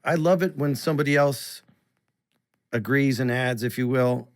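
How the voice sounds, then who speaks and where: A man from Canada, a guest on a podcast, chatting casually and telling animated stories that slip into comic voices. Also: medium pitch, moderate pace. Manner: animated storyteller, often slips into comic voices. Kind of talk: casual chat.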